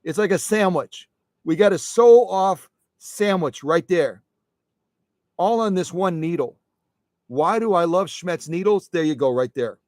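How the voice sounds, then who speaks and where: A man's voice: high voice, expressive, measured pace, a little mellow, dry recording, clean studio sound, pitched above the performer's own voice. A man voicing a cheerful New Yorker sewing fan in a put-on Brooklyn accent, playful and emphatic. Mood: enthusiastic. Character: upbeat male New Yorker sewing enthusiast.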